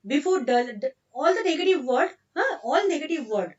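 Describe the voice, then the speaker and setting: A woman's voice: high voice, animated, normal speed, recorded from a distance, lo-fi sound. A woman with an Indian English accent teaching an online grammar lesson, explaining patiently and repeating example sentences.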